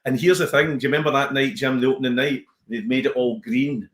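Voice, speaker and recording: A Scottish man, a comedian, chatting casually on a podcast as an animated storyteller who slips into voices. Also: medium pitch, quick pace, roomy sound. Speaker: comedian guest.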